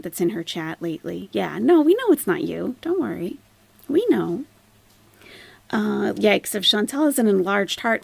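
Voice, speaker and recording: A woman's voice: medium pitch, vocal fry, no echo. A woman hosting a commentary channel, reading viewer comments aloud and answering them with sarcastic, casual remarks.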